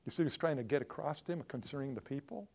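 A man preaching a sermon in a church, swinging between loud emphatic lines and hushed ones. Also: fairly high pitch, lively intonation, rapid-fire, gravelly. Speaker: pastor.

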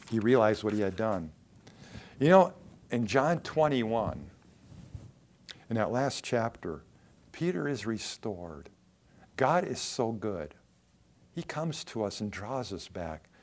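A man preaching to a congregation, reading verses and then explaining them. His voice sits at an ordinary pitch. He swings between forceful emphasis and soft, quiet asides. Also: animated, moderate pace. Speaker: pastor. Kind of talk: sermon.

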